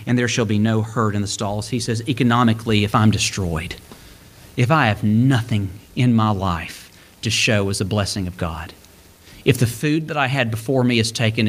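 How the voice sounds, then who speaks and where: A man preaching a sermon, reading scripture verses aloud and explaining them, his delivery rising and then dropping low for emphasis. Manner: expository preaching, reads scripture aloud, swings between lifted and hushed delivery.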